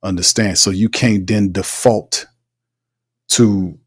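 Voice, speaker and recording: A man hosting a live sports call-in stream, energetic and repetitive, laughing often. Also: fairly low pitch, slow pace, breathy edge. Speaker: livestream show host. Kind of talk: casual live sports talk.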